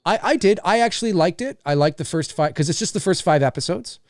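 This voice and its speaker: Excitable chatty man with lively pitch. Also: fast, dry recording, clean studio sound. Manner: chatty, excitable, many restarts. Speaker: podcast host. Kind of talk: casual movie watch-along commentary.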